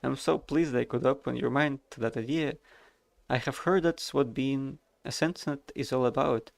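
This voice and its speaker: A man's voice: mid-range voice, moderate pace, vocal fry, no room sound, lightly acted. A man reading aloud as a sweet, timid, perky young woman in a game, chirpy and apologetic.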